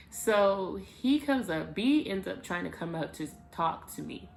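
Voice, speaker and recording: A woman vlogger telling a personal story to the camera in a casual, animated way, with emphatic bursts. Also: lowish voice, a little slow, creaky, few pauses, a little hiss or hum.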